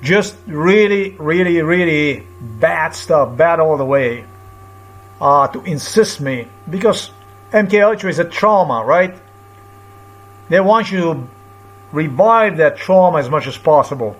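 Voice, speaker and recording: In a loose, rambling vlog, a man with a slightly high voice tells of a run-in, often stopping, restarting and repeating phrases as he gropes for words. He sounds agitated and indignant, with lively intonation.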